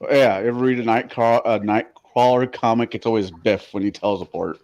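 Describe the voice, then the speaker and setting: A man's voice: on the low side, moderate pace, dull audio. A man playing in a tabletop game, joking and swearing in casual chat. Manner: animated, joking, profane. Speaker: player.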